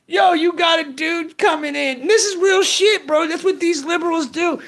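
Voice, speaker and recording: A man's voice: extremely high pitch, animated, unhurried, fairly bright tone. A middle-aged man hosting a live news stream, ranting in profane slang and greeting chat viewers.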